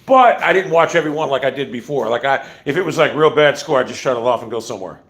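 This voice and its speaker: A man's voice: medium pitch, fast talker, fairly bright tone. A man hosting a casual livestream, ranting bluntly with profanity and rambling asides. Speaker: livestream host.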